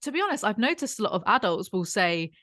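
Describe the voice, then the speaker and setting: A woman's voice: medium pitch, very animated, fast talker, a bit bright. A young woman hosting an interview, chatty and thinking aloud with "like" and "sort of" while posing questions to a guest. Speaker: host.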